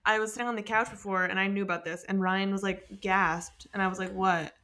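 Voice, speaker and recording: A woman's voice: mid-range voice, steady tone, quick pace, sharp tone. A young woman co-hosting a podcast, chatting casually and gossiping with frequent laughs. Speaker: podcast co-host. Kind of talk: casual chat.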